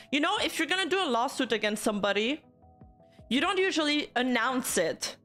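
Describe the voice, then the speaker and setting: Fired-up girl streamer ranting to chat, kinda high voice, cussing a lot, faint music behind. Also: animated, fairly bright tone. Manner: heated, swearing, talks fast in bursts. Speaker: VTuber streamer. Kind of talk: live stream commentary rant.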